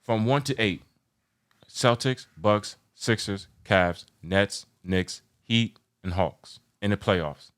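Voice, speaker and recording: Lower-voiced man, heated sports chat. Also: slow pace, clean tone. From New York. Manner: passionate, rambling, gets loud and worked up. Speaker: show host.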